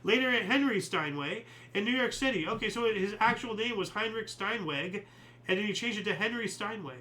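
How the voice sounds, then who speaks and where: A man's voice: high-pitched, lively intonation, moderate pace, sharp tone, rough recording. A man hosting a daily history livestream in casual chat. He reads out dates and adds rambling, joking asides with mild swearing. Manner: punches out each year before the entry. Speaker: host of a daily history stream.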